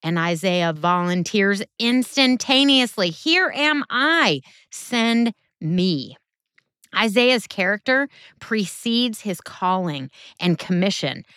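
A woman's voice: mid-range voice, animated, slow pace, fairly bright tone, clean tone, no room sound, clean studio sound. A woman giving a Bible teaching sermon in an earnest, conversational way with emphatic turns.

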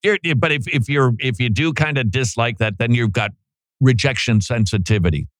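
A man's voice: medium pitch, normal speed, dry recording. A man hosting a radio talk show, commenting on played clips with sarcastic, joking asides. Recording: dry studio sound.

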